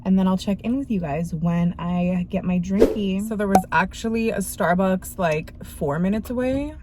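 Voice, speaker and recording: A woman's voice: mid-range voice, moderate pace, very noisy. A young woman vlogger chatting casually to her viewers in slangy, filler-heavy talk. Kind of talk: casual vlog chat.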